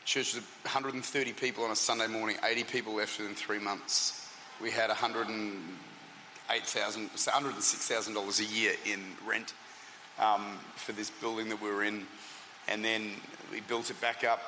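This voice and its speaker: Pastor guy telling stories, super bright voice, lots of restarts, echoey hall. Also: on the low side, normal speed, a little hiss or hum. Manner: lively storyteller, restarts and repeats words. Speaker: traveling preacher and senior pastor. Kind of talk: interview guest telling stories.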